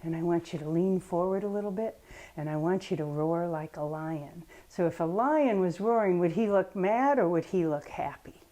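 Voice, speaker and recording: A woman's voice: fairly low pitch, normal speed, warm tone. A woman reading a picture book aloud and coaching children through yoga poses in a patient, encouraging way. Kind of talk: storybook reading with kids' yoga instruction.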